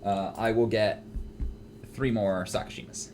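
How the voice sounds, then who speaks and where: A man's voice: on the low side, steady tone, a little slow, a little mellow, slight background noise. A man playing a card game in casual chat, dry and wry, calling out his coin flips. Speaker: player.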